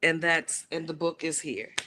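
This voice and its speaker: A woman guest, an author and playwright, telling a story with lively animation and acting out the quoted dialogue in changing voices. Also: low voice, normal speed.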